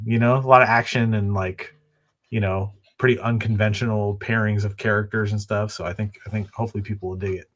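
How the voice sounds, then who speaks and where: Chill guy w a lowish voice, comic artist on a podcast, lots of ums and you knows. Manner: laid-back, hesitant, full of fillers. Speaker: comic book artist guest. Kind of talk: casual chat.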